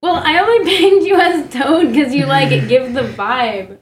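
Giggly woman dj teasing her cohosts, kinda high voice. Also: unhurried. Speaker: radio co-host and DJ. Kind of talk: casual radio banter.

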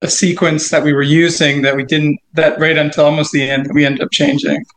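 A man in the band chiming in quickly during an interview. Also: fairly high pitch, level tone, fairly bright tone, poor audio. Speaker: band member. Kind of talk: casual interview talk.

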